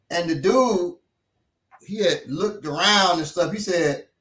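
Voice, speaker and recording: A man telling lively street stories in casual chat, acting out the people in them. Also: high voice, takes it slowly, echoey room, distant mic. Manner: animated storyteller acting out voices. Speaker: instructor. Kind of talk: casual storytelling.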